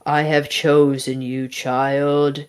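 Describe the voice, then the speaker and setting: A woman voicing a calm, solemn disembodied voice in someone's head, speaking slowly and in measured phrases. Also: deep voice, smooth.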